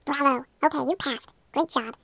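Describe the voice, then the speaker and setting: A woman's voice: sits high, normal speed, a bit bright, dry recording. A young woman leading a playful hypnosis role-play, coaxing and encouraging the listener. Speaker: hypnosis guide.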